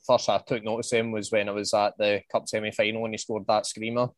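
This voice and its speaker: A man co-hosting a casual football podcast, hesitant and quick to agree. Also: fairly low pitch, little pitch movement, no room sound. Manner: hesitant, short agreeing replies. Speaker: podcast co-host.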